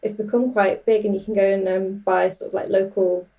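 A woman hosting a podcast, chatting warmly about food with lots of fillers. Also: medium pitch, flat delivery, fairly quick, recorded from a distance, highs cut off. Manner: chatty, enthusiastic, many fillers. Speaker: podcast host. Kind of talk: casual food chat.

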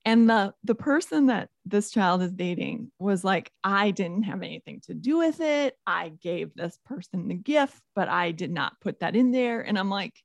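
A woman in her forties co-hosting a faith podcast, telling a story lively and acting out the dialogue. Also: mid-range voice, moderate pace, creaky, few pauses, no room sound. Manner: animated storyteller, acts out dialogue. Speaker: podcast co-host. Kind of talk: casual faith podcast chat.

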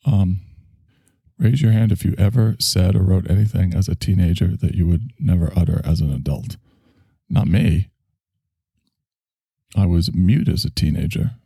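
A man with a New York accent hosting a sarcastic solo podcast, reading articles and mocking them with deadpan asides. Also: normal speed, vocal fry, long pauses, slightly rough, dry recording, clean studio sound. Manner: mocking, deadpan asides and sudden shouty pitch jumps. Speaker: podcast host.

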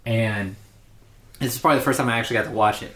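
A man co-hosts a casual movie podcast, talking at an everyday pitch. He rambles, laughs often and slips into put-on voices for quoted film lines. The room is roomy and echoey. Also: racing, a bit bright. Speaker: podcast co-host. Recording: roomy echo.

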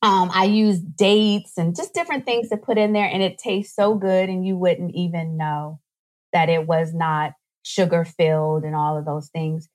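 Animated woman guest talking nutrition. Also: fairly low pitch. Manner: animated, acts out voices in quick asides. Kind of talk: casual podcast conversation.

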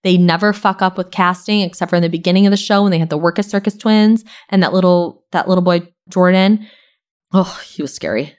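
A woman's voice: lowish voice, a little fast, darkish tone. A young woman hosting a podcast, recapping reality TV in a gossipy, chatty way, full of "like" and casual swearing. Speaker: podcast host.

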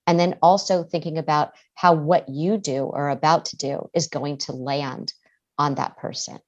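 Brief: thoughtful woman therapist, slightly low voice, calm and measured interview answers. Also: muffled recording. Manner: measured, reflective, restarts words. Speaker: therapist and author guest. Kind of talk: advice-giving interview answers.

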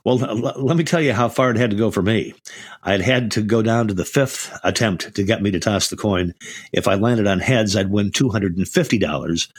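A man's voice: on the low side, brisk, breathy edge, no echo, studio quality. An older man hosting a podcast, telling stories in a casual way with many restarts and repeated words. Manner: storytelling, frequent restarts and stammered repeats. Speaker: podcast host.

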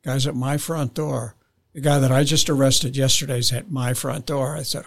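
A man's voice: medium pitch, steady tone, moderate pace, gravelly. A man who works as a police officer telling a casual story on a podcast, rambling a bit and restarting his sentences.

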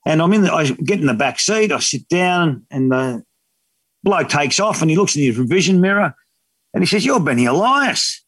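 A man's voice: a little high, normal speed, no room sound. A man in his fifties with an Australian accent, chatting casually as a guest and telling stories with slang and laughter. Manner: animated storyteller, slangy and laughing. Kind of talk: casual radio chat.

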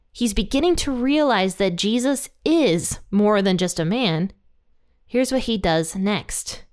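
Bible teacher, woman; smooth clear voice, conversational delivery of scripture. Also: mid-range voice. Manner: conversational, paraphrases scripture in everyday words. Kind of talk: casual Bible study teaching.

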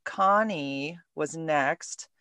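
A woman hosting a podcast, telling stories in an animated, emotional way. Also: low-pitched, very slow, dry recording. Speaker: podcast host. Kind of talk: casual podcast conversation.

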